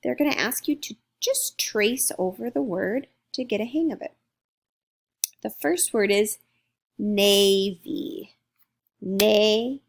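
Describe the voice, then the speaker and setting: A woman teaching a phonics lesson to young children, speaking slowly and clearly as she sounds out letters and syllables. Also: fairly high pitch, animated.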